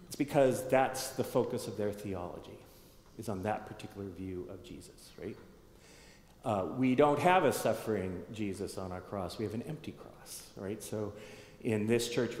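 A male pastor teaches in a relaxed, conversational way, often restarting his phrases and turning to the congregation with questions. His voice sits at an ordinary pitch and rings through a church sanctuary with a long, echoing tail. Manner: conversational, thinking aloud with restarts and asides to the congregation. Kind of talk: sermon teaching. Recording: echoey hall with long reverb.

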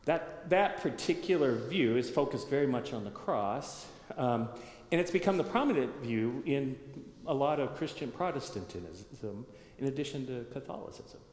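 A man's voice: medium pitch, lively intonation, moderate pace, a little mellow. A man giving a conversational sermon to his congregation, thinking aloud, restarting phrases and checking in with the listeners. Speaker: pastor. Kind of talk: sermon teaching. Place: church sanctuary. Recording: echoey hall with long reverb.

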